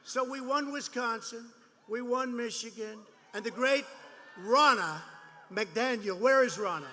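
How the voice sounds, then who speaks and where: A man's voice: extremely high pitch, measured pace, pushed and bright, big-room sound, slight background noise. A man in his seventies giving a rambling, boastful, mocking campaign rally speech, repeating his phrases. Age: 70s. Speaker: politician speaking at a rally. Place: large rally venue.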